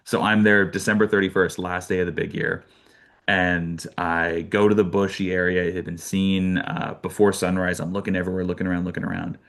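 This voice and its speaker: A young Canadian man telling lively birding stories in a casual talk, with many fillers and restarts. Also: low-pitched, fairly quick, vocal fry. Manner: animated storyteller, many fillers and restarts, laughs often. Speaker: birder giving a talk.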